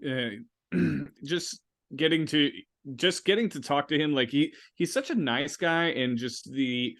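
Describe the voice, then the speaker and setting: A man co-hosting a casual podcast chat, soft-spoken and trailing off quietly. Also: on the high side, a little slow, no echo, clean studio sound. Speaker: podcast co-host.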